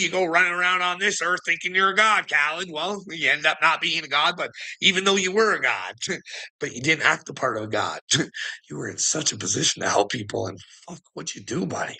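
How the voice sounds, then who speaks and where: A man's voice: fairly high pitch, expressive, normal speed, vocal fry, pushed and bright, poor audio. A man talking in a rambling, sardonic monologue, laughing often and swearing as he goes. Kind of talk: casual conspiracy commentary monologue.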